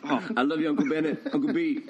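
A man's voice: fairly high pitch, steady tone, quick pace, lo-fi sound, slight background noise. A man co-hosting a podcast in playful, goofy casual chat. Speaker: podcast host.

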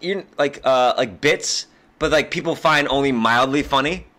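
A man talks through comic ideas in a loose, rambling way, packing his sentences with "like". His voice is bright and forceful, and he is quick to poke fun at himself. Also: medium pitch. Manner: rambling, many "like" fillers, self-mocking. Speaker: podcast co-host. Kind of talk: casual chat about comics.

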